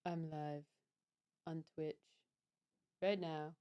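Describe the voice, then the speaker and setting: A young woman chats on a live stream, bubbly yet swinging between quiet mumbles and squealed greetings. Her voice sits low, smooth and level, delivered very slowly, and the audio sounds dull.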